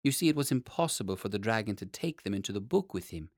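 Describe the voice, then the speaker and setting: A man narrating a children's storybook in a measured, expressive reading. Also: lowish voice, dry recording, clean studio sound.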